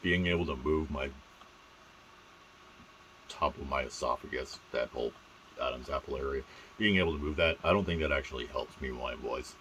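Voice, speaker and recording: A man's voice: moderate pace, pauses often, a bit bright, slight background noise, rough recording. A man in a casual vlog talking about his own voice, rambling with restarts and showing off how he shifts it. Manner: demonstrates voices, shifting pitch and placement; rambling, with restarts and filler words.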